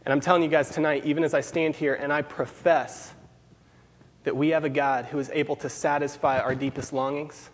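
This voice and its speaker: A man's voice: a little high, little pitch movement, brisk. A man preaching a sermon to a gathered group, earnest, repeating key phrases for emphasis. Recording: long hall reverb.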